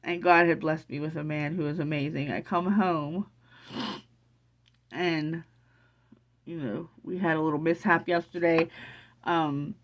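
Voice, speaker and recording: A middle-aged woman in an emotional casual vlog, excited and teary, rambling with many restarts. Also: low voice, unhurried, long pauses, lo-fi sound. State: teary from crying. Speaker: vlogger.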